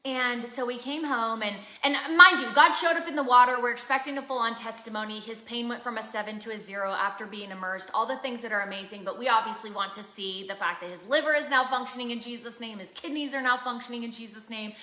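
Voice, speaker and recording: Woman, 30s, live faith-chat co-host, emphatic and earnest, bright voice, echo in the room. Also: on the high side, fast, hardly any pauses. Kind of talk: casual live conversation. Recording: roomy echo.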